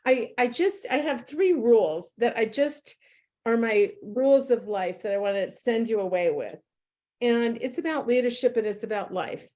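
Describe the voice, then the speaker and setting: Chatty woman presenter, higher voice. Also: normal speed, a little mellow. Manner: chatty, storytelling with quoted dialogue. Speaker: leadership workshop presenter. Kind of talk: casual talk to a group.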